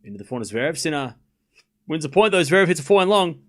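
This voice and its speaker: Guy streaming a tennis watchalong, slightly high voice that jumps around a lot, calls points and banters with chat. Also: sing-song, rapid-fire. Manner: calls the score and shots while chatting with viewers and thanking supporters; playfully scolds chat. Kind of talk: casual live play-by-play commentary.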